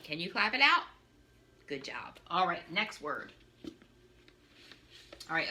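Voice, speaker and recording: A woman teacher giving a phonics lesson for young children from her living room, in an animated, sing-song way with playful asides. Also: lowish voice, a little slow. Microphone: camera on a stand.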